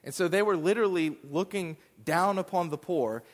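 A man's voice: high voice, moderate pace, big-room sound. A man giving a sermon, explaining scripture in a conversational way with fillers. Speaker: pastor. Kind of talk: sermon teaching.

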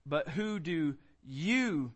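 A man delivers a sermon, talking through scripture verse by verse. His voice sits a touch high, and he mixes relaxed asides with emphatic, stressed declarations. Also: drawn-out words, breathy edge. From Southern United States. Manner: earnest teaching, emphatic, conversational asides. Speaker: pastor.

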